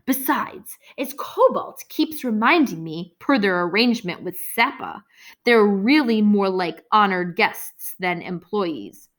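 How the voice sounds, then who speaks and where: A woman's voice: mid-range voice, lively intonation, unhurried, fairly bright tone. A woman voicing a worried bearded zookeeper father in an audiobook, speaking earnestly with a sigh. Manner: earnest, sighing.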